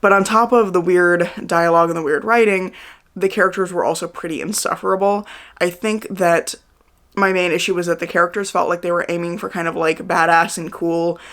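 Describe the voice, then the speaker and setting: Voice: medium pitch, fairly even intonation, fairly quick, a bit bright. A book vlogger around thirty giving a chatty, candid reading wrap-up, with lots of "like" fillers. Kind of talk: casual monthly reading wrap-up.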